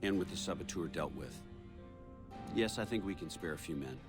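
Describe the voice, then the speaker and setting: A calm, middle-aged army colonel from a video game, with a low, steady voice. He speaks in a measured, courteous, businesslike way, like an officer granting a request. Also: faint music behind. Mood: approving. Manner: measured, courteous, matter-of-fact. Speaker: military commander character.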